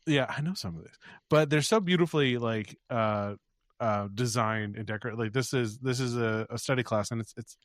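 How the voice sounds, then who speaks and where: A man in his ordinary middle pitch, co-hosting a podcast. He talks eagerly in loose casual chat, full of "like". His voice sits close and dry in the recording. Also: moderate pace, no room sound. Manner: enthusiastic, full of "like" fillers. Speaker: podcast co-host.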